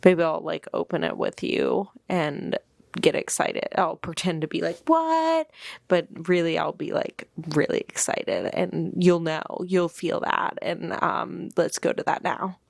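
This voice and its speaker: Slow-talking young woman book vlogger. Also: lowish voice, vocal fry, no room sound, clean studio sound. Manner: animated, acts out quotes, gushing. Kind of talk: casual chatty storytelling vlog. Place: home, indoors. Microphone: clip-on mic on her shirt.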